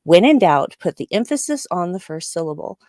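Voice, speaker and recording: A woman's voice: fairly low pitch, sing-song, brisk, a little mellow, dry recording, clean studio sound. Emphatic woman co-host, opinionated. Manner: emphatic, opinionated, laughs often. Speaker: podcast co-host. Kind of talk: casual live discussion.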